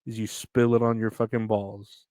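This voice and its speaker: A man's voice: on the low side, little pitch movement, normal speed, a little mellow, no room sound, studio quality. A man hosting a solo podcast, reading news aloud and riffing on it in a rambling, sarcastic, profane way, tired and yawning. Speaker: podcast host.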